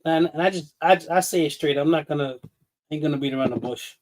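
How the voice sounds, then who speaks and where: A man's voice: fairly high pitch, fast talker, darkish tone. A man, ranting bluntly and profanely on a casual livestream. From New York City. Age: 50s. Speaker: livestream host.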